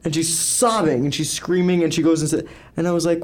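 A man's voice: on the high side, steady tone, brisk, a little mellow. A young man co-hosting a podcast, telling stories in a rambling, casual way and swearing freely. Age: young adult. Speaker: podcast co-host.

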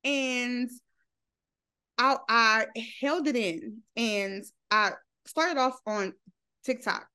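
A woman's voice: on the high side, very slow, pushed and bright, clean tone. A woman guest in a casual interview, speaking candidly about her life and laughing often as she talks. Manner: laughs often while telling her story; candid and talkative, with loose, run-on phrasing. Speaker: interview guest, social media creator.

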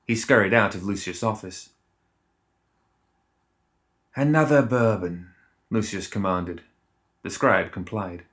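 A man narrating an audiobook in a measured, even storytelling manner. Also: low-pitched.

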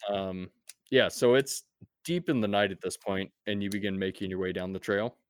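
Low-voiced man narrating a tabletop game. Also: moderate pace, clear, resonant tone, dry recording, clean studio sound. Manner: laid-back, profane, with many fillers. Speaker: game master.

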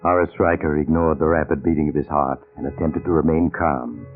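A man narrating a radio drama in a measured, grave scripted style. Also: rumbling low, fairly even intonation. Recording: tinny old radio recording with music.

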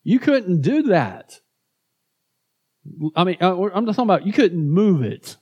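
Man preaching a sermon, fairly high voice, conversational, repeats words, asks "right?". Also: sing-song, unhurried, a little mellow, slightly rough, muffled recording. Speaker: pastor.

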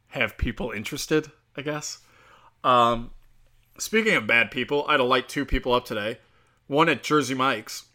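A man hosting a casual solo rant, swearing freely and rising loud and high when he retells arguments. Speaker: podcast host.

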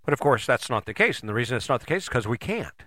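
A man's voice: mid-range voice, sing-song, fast talker, bright, forceful tone, no echo, clean studio sound. A middle-aged man giving a casual, rambling motivational monologue as a podcast host, folksy and casually swearing.

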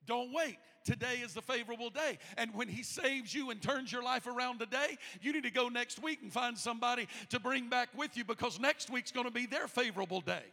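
A man preaching in a church sanctuary, his voice very high and gravelly with a bright, tense edge. He swings from hushed storytelling to loud, shouted appeals. A long reverb from the hall trails every phrase. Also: a little fast, hardly any pauses. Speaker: pastor. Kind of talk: sermon.

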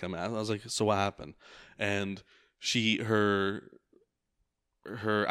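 A man's voice: on the low side, a bit bright, smooth, dry recording, clean studio sound. A man who drives for a rideshare service, telling a story in casual chat, rambling and profane with lots of filler words.

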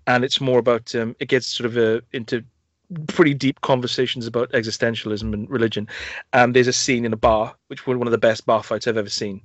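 A man's voice: mid-range voice, fairly bright tone, dry recording. A young man hosting a film podcast, retelling scenes with enthusiasm, full of fillers and restarts. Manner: enthusiastic, rambling storyteller with many fillers and restarts. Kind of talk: casual chat reviewing films. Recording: dull, lo-fi, dry sound.

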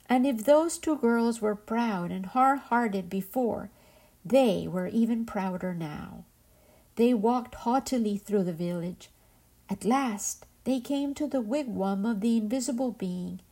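A woman who hosts a show, telling a folktale in a gentle, expressive manner. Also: medium pitch. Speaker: podcast host and storyteller. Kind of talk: storytelling.

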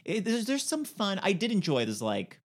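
Animated man riffing on films. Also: high-pitched, moderate pace. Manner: animated, campy, sarcastic storytelling. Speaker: podcast co-host. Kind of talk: casual film discussion.

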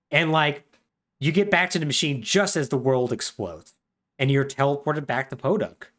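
A man co-hosting a podcast, casually retelling a game's plot and slipping into quick voices for the characters. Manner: animated, lively pitch, puts on brief voices for characters. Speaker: podcast co-host.

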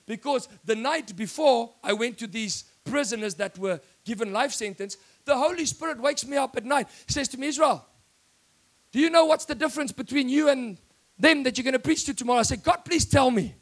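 A South African man preaching a sermon with a very high voice. He gets excited and often shouts, telling a story to his congregation.

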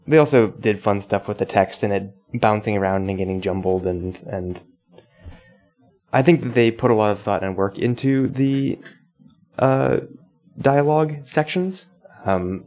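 A man in a casual game discussion, talking in a steady, upbeat way. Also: lowish voice, normal speed. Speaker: podcast panelist.

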